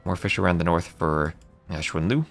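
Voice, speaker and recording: A man's voice: low voice, moderate pace, vocal fry, soft background music. A man casting a live strategy game match, calling plays and chatting with viewers between fights. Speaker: esports caster.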